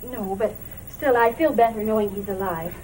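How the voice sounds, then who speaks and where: An actress playing a brisk, practical mother of the household in a 1970s period TV drama. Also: mid-range voice, a little mellow, lightly acted. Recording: distant voice over hissy old TV audio.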